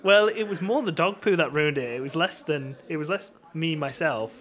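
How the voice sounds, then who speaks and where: A man co-hosts a casual podcast, telling stories at length and laughing along the way. His voice sits a little high for a man. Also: normal speed, fairly bright tone. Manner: rambling storyteller, laughing often. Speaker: podcast co-host. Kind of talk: casual chat.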